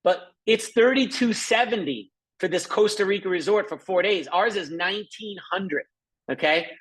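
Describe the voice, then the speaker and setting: Excited chatty man pitching travel deals. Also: normal speed, slightly rough. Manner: excited, chatty, many fillers and asides to viewers. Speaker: presenter of a travel membership. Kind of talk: live screen-share sales presentation.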